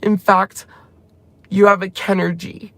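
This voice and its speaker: A man's voice: sits high, level tone, unhurried, gravelly, bright, forceful tone, no echo. A man hosting his own channel, talking in an emotional, rambling way and close to tears as he retells conversations. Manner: tearful, heartfelt, rambling retelling. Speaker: channel host. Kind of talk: emotional personal vlog talk.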